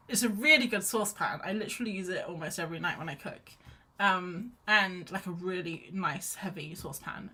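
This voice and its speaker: A woman's voice: mid-range voice, sharp tone. A young woman chatting in a rambling, casual way while she sketches on a livestream, with lots of fillers and restarts. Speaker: livestream artist.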